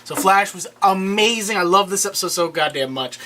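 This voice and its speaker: A young man with a high, bright voice talks through a TV episode with a friend. He is animated and playful, slipping into quick impressions of the characters. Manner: animated, laughing, acting out quotes. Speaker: podcast co-host. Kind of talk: casual chat recapping a TV episode.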